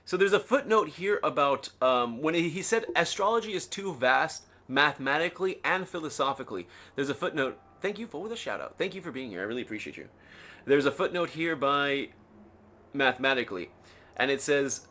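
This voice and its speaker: A man chats on a live stream from home, talking to his viewers and his dog and laughing easily. He reads a book aloud between asides. His voice is bright and forward, sitting at an average pitch for a man. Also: animated, brisk. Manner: chatty and giggly, talks to chat and his dog. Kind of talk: casual live-stream chat and book reading.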